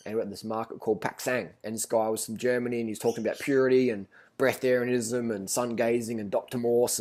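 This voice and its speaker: A man's voice: mid-range voice, darkish tone. Profane rambling man telling a story. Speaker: vlogger. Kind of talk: casual storytelling rant.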